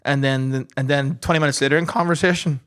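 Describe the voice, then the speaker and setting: A man's voice: medium pitch, fast talker, smooth. A man, co-hosting a podcast in casual chat and telling stories with frequent chuckles. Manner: animated storyteller, chuckles often. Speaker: podcast co-host.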